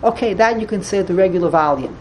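A woman teaching a Torah lecture in an animated way, often stammering and restarting when excited, and dropping in many Hebrew and Yiddish terms. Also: lowish voice, fast, a little hiss or hum.

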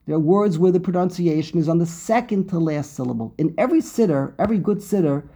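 Host, male, breathy voice, animated storyteller on a video call mic. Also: a little high, fast talker. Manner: animated storyteller, laughs often. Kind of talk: casual conversation.

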